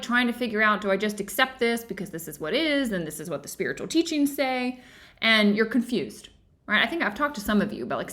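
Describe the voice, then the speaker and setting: Animated woman hosting a book club. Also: medium pitch. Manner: animated, conversational, laughs often. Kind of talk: casual online book discussion. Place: home office.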